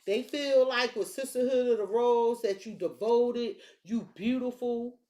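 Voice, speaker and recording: Sassy woman doing a tarot reading, cussing a lot, kinda high voice, talks right at you. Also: unhurried. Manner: blunt, profane, sassy and animated; talks to the viewer and to the cards. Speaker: tarot reader.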